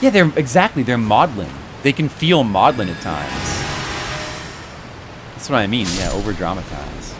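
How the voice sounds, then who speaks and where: A man streaming a video game, chatting casually and rambling about movies with animated, mocking asides. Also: lowish voice, moderate pace, over music. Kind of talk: casual chat while gaming. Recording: noisy background.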